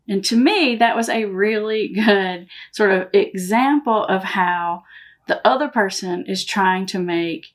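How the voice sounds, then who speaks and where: A woman's voice: medium pitch, unhurried. Conversational woman counselor giving advice. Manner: conversational, retells her own quotes in a raised voice. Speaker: counselor and host. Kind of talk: casual advice talk to camera.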